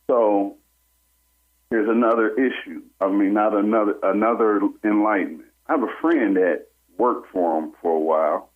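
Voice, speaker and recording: A man on a telephone call tells his story with animation, slipping into the voices of the people involved. His voice sits low and sounds husky. It comes through a thin, tinny phone line. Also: moderate pace. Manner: animated storyteller who acts out what others said. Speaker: caller. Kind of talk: telling a personal story on a call-in radio show. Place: on a phone call into a radio show.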